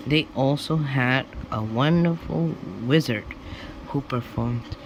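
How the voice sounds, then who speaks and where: Guy reading kids stories out loud, really slow and careful, trips on a word now and then, faint hum behind. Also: medium pitch, lo-fi sound. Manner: slow, deliberate read-aloud with small slips and restarts. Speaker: storybook reader. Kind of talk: reading children's stories aloud.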